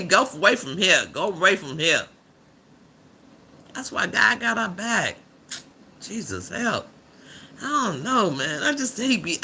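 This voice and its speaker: A man voicing a blunt, rough-edged older woman who hosts a livestream and gives preachy commentary in a drawling, slang-filled way. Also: a little high, pushed and bright, a little hiss or hum, heavily acted. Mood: scornful. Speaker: livestream host.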